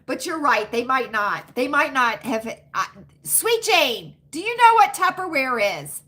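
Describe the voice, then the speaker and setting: Woman, 50s, livestream host, bright high voice, chatty and emphatic with her chat. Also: sing-song. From United States. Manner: chatty, talks straight to chat, drawn-out emphatic asides. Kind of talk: casual livestream chat with viewers.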